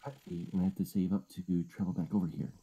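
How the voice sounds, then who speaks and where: A man on a livestream chat, talking quietly right up against his microphone at home at night so he won't wake his family. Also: low voice, little pitch movement, rapid-fire, breathy edge, low-quality recording. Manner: talks quietly close to the mic while his family sleeps. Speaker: show regular. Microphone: close to the microphone.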